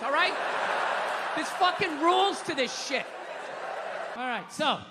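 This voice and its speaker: A man doing a stand-up comedy set on stage, sardonic and profane, building into loud exasperated rants. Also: very high voice, expressive, a little slow, long pauses. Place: large live venue with audience. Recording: reverberant hall with crowd and noise.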